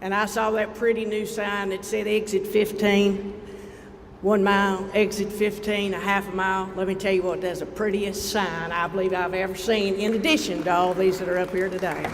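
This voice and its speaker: A state legislator with an Eastern Kentucky accent giving a heartfelt, folksy dedication speech to a crowd at an outdoor ceremony. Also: male voice, sits high, level tone, a little fast, few pauses, fairly bright tone. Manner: folksy, heartfelt, rising to rallying cries. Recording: reverberant PA with crowd and background noise.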